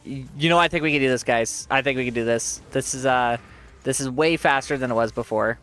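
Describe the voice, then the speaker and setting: A man's voice: medium pitch, a little fast, fairly bright tone, clear, resonant tone, faint music behind. A man streaming a game, giving casual commentary while chatting with his viewers, joking at his own expense and laughing often.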